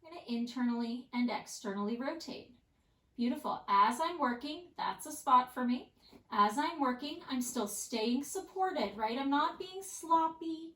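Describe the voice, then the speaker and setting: A woman Pilates instructor guiding a follow-along workout with calm, encouraging cues, often checking in with "right?". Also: sits high, measured pace. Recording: echoey room.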